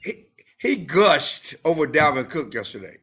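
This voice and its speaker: A man co-hosting a sports podcast in casual chat, animated and given to repeating himself. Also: a little high, measured pace, breathy edge. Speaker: podcast co-host.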